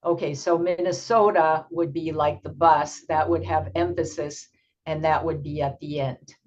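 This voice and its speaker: Older woman, teacher trainer, slow patient explaining, lowish voice, dull video call audio. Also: fairly even intonation, darkish tone, slight background noise. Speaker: teacher trainer presenting a workshop. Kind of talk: online workshop presentation.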